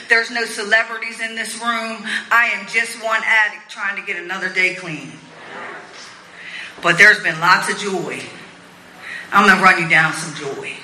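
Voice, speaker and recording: A woman's voice: on the high side, bright, forceful tone, slight background noise. A middle-aged woman telling her story at a recovery meeting, blunt, profane and often laughing. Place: meeting room with an audience. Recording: roomy echo of a meeting room.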